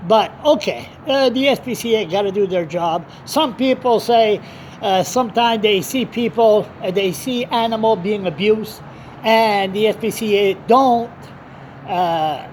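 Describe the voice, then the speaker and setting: A man talking straight to camera in a rambling, unscripted way, blunt and quick to swear. He drifts between his story and chatting to his dog. There is a faint hum of passing vehicles in the background. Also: high-pitched. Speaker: blogger. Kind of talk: rambling casual monologue.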